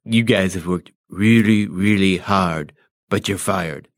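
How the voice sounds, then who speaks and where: A man with a raspy, gravelly voice trying an impression of a gruff older boss, speaking slowly with pursed lips. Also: low-pitched, pitched below the performer's own voice. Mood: firm. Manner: slow, lips pursed, deliberate. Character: gruff older male boss firing his staff.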